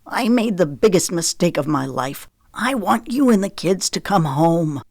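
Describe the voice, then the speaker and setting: A woman's voice: on the low side, expressive, unhurried, darkish tone, no echo. A woman voicing a remorseful husband who pleads over the phone in an audiobook. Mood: pleading. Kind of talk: audiobook character voice.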